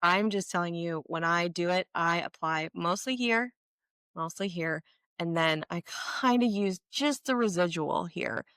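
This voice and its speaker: A woman in her forties talks through her makeup routine in a candid, chatty way, with plenty of self-deprecating asides. Her voice sits low for a woman. The sound is dry and close, with no room around it. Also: unhurried, a bit bright, smooth, dry recording. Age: 40s. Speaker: beauty vlogger. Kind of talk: casual get-ready-with-me chat.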